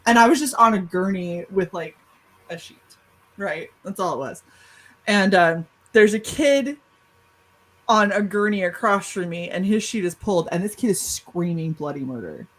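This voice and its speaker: A woman on a panel show, telling a personal story in casual chat, animated and cursing freely. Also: mid-range voice, normal speed, rough recording. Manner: animated, swearing, laughing storyteller. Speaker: podcast panelist.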